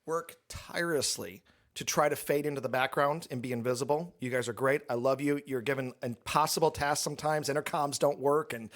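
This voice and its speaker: A man's voice: mid-range voice, fairly quick, a bit bright. A man, a pastor, talking candidly and at length in a casual church question-and-answer session, with the odd dry joke. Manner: candid, joking, explains at length.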